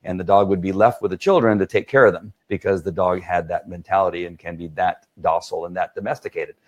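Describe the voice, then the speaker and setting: A man's voice: deep voice, steady tone, quick pace. A man who trains dogs, talking earnestly to viewers on a live stream, with many fillers and restarts. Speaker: dog trainer.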